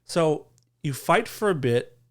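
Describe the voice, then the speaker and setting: A man co-hosting a podcast in casual chat, rambling and swearing freely with dark humor. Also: a little high, expressive, takes it slowly. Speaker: podcast co-host.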